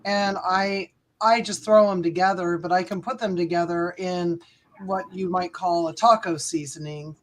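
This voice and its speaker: A woman's voice: lowish voice, fairly even intonation, moderate pace, slight background noise. A woman in a casual group chat, talking enthusiastically and a bit ramblingly about home cooking.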